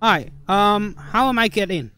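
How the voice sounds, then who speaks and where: A gamer commenting on a horror game in broken, second-language English, swearing and shouting at the screen. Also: mid-range voice, expressive, normal speed, smooth, no echo, studio quality. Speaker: let's play gamer.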